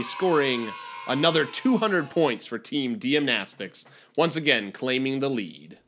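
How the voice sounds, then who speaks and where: A man's voice: mid-range voice, normal speed, noisy background. A man hosting a fantasy monster trivia game, announcing questions and rulings in a playful way. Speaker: quiz host. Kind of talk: game show quiz hosting.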